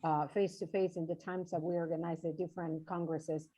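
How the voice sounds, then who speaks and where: A woman's voice: lowish voice, flat delivery, a little fast, dark tone, slightly rough. Woman, English presenter, encouraging, keeps checking in with the group. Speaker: workshop presenter. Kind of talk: online English teaching session.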